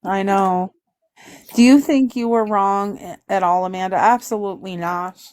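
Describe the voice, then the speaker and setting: A woman's voice: medium pitch, steady tone, normal speed, darkish tone. A woman with a Canadian accent in a candid, casual livestream chat, laughing often and answering viewer comments. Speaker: livestream guest.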